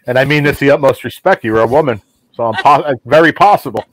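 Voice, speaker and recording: A man's voice: medium pitch, fast talker, slight background noise. A man hosting a casual group chat, joking and teasing with crude humor.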